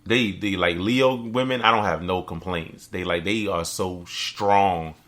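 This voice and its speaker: A man co-hosting a casual podcast chat, animated, acting out quotes in a high voice. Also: unhurried. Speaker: podcast co-host.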